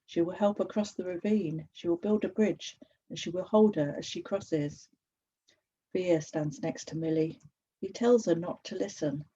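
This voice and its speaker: A woman's voice: fairly low pitch, dark tone, slightly rough, lo-fi sound. Woman reading a storybook aloud. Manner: slow, measured reading. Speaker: author. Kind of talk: reading a picture book aloud.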